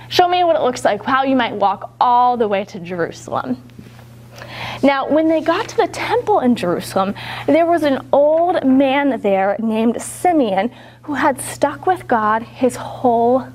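Bright, animated woman teaching young kids. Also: high voice. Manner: upbeat, animated storytelling with prompts to act along. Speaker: children's church teacher. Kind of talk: interactive Bible story for young children.

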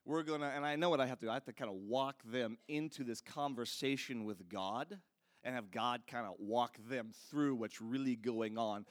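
At a normal speed and in a mid-range voice, a man delivers a sermon like a story, talking straight to his listeners. He comes across as earnest and conversational.

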